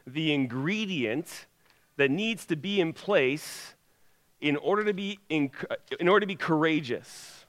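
A man's voice: fairly high pitch, fairly bright tone. Emphatic preacher man in echoing hall. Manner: emphatic, rising and falling delivery. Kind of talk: sermon. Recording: long hall reverb.

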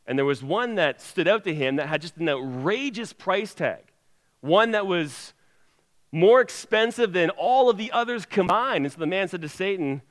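A man's voice: high voice, animated, moderate pace. A man preaching a sermon with an emphatic delivery that rises and falls. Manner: emphatic, rising and falling delivery. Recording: long hall reverb.

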